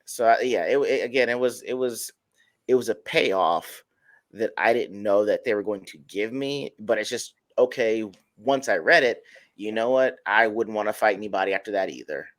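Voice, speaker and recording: A man's voice: fairly low pitch, normal speed. A man on a discussion panel, talking emphatically and colloquially as he tells a story.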